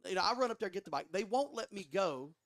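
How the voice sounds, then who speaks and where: A man tells a story in a casual, excitable way, with plenty of swearing and false starts. His voice sits fairly high. The sound is dry and close, with no room echo. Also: quick pace. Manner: animated, profane, frequent restarts. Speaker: podcast guest. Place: studio.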